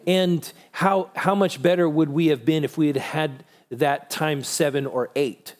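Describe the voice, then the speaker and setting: A middle-aged man speaking casually at a parenting conference, relaxed and conversational, answering questions from the room. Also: a little high, a little slow. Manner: relaxed and conversational, many restarts.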